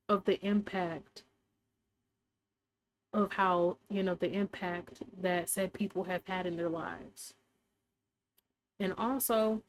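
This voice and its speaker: A woman's voice: medium pitch, darkish tone, slight background noise. A woman hosting a casual faith podcast, talking in a rambling, unscripted way and sometimes giggling. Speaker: podcast host.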